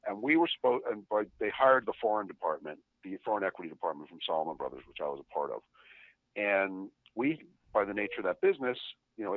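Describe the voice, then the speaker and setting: On a podcast, a male guest with a low voice swaps profane anecdotes, chatting and laughing as he tells them. The recording is dry and tinny, like a phone line.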